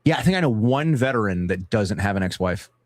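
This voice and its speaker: This young live stream host talks fairly quickly in a fairly low voice, keeping things casual with laughter, swearing, and lively banter.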